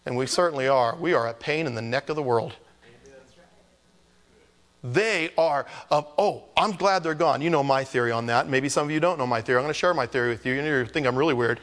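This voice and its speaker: A male pastor preaches in a loose, conversational style, joking and slipping into high mock voices to mimic people. His voice sits at a middle pitch. A long hall reverb trails behind every phrase. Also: fairly quick, fairly bright tone. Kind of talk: conversational sermon.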